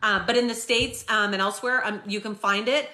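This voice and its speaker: A woman hosting a live stream, chatting casually and retelling a story with lots of fillers and animated asides. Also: medium pitch, a little fast. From Canada.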